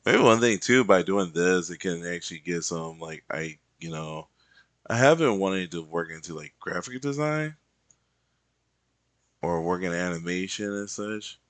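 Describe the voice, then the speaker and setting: A laid-back man talks slowly over his art work, wandering from thought to thought in a playful, rambling way and humming to himself. His voice comes through a close desk microphone with a dry, dead sound and no room echo. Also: low-pitched, animated, fairly bright tone. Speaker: digital artist and content creator. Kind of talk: casual commentary while working on art.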